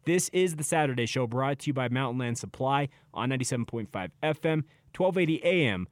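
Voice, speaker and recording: A man hosting a sports radio show, emphatic and animated, who laughs easily. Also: mid-range voice, brisk, dry recording, studio quality.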